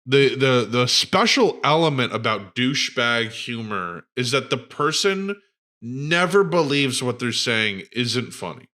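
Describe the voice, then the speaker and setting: A man's voice: mid-range voice, sing-song, a little slow, bright, forceful tone. A man co-hosting a podcast in casual chat, blunt and profane with wry asides. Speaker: podcast co-host.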